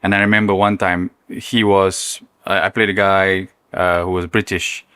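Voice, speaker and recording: A man's voice: sits low, level tone, normal speed, a bit bright, clean tone, dry recording. A young Malaysian man with a Malaysian accent, a guest chatting casually about his career and laughing often. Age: young adult. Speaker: guest, content creator. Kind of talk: casual interview chat.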